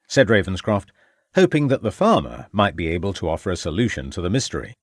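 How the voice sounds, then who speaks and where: A man reading a crime novel aloud as audiobook narrator, measured and formal, on a close studio mic. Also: low-pitched, very animated, breathy edge, no room sound. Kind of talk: scripted narration.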